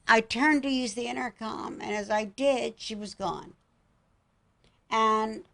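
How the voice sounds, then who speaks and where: An older woman, a psychic guest on a talk show, speaking calmly and reassuringly about visions. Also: a little high, slow pace, vocal fry, long pauses. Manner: calm, reassuring, tells emotional personal stories.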